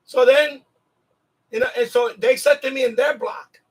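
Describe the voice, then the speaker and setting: A man's voice: very high voice, fairly even intonation, moderate pace, recorded from a distance, low-quality recording. A man with a New York accent who grew up in the city, hosting a casual live-stream chat and telling rambling stories with frequent laughs and restarts.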